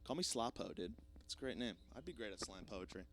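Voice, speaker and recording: Young guy podcaster, lowish voice, rambly and self-mocking, swears a lot, gets loud then mumbles. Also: lively intonation, fast talker. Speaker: podcast host. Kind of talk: rambling solo comedic monologue.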